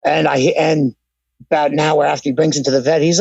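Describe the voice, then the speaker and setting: A man's voice: on the high side, level tone, fairly quick, creaky, darkish tone, slightly rough, no room sound. Profane, storytelling man on a podcast, dull lo-fi sound. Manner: storytelling with quoted voices, profane. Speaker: podcast co-host. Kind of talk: casual podcast banter.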